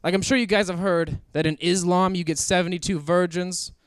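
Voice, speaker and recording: A man's voice: sits high, a little fast, clear, resonant tone, no echo, clean studio sound. A young man from Kansas City doing a crude stand-up comedy set on stage before a live audience. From Kansas City, USA. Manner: crude, animated storytelling.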